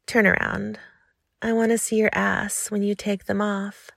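Woman playing a calm commanding lady. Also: mid-range voice, measured pace, vocal fry, no echo, clean studio sound. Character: commanding, teasing older woman of the house.

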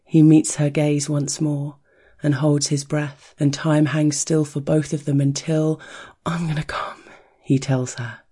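Soft breathy storyteller, slow and flat, murmurs a rhythmic beat. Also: mid-range voice. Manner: soft, hushed, rhythmic, chanting a steady heartbeat beat. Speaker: narrator. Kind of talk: slow erotic story narration.

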